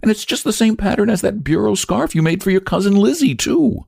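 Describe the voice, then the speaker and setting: A nosy, scornful woman, played by a male narrator, firing off sharp, peremptory questions in a voice pushed well above his own deep range. The delivery climbs and falls a lot. The sound is close and dry, like a storybook reading. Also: very animated, a little fast, vocal fry, husky, no echo, full character voice.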